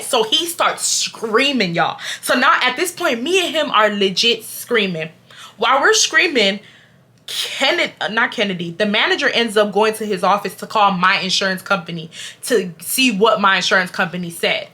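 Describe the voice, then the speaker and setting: A woman in her twenties from Houston, Texas, telling a storytime to her viewers in an animated, casual way and acting out loud quotes. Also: medium pitch, normal speed. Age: 20s. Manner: addresses viewers as y'all. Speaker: storytime vlogger.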